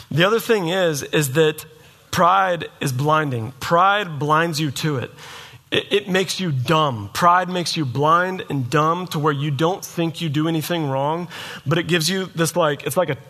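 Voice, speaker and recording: A man's voice: fairly high pitch, a bit bright. A man preaching a sermon in a casual, storytelling way, acting out the voices of people in his story. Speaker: pastor.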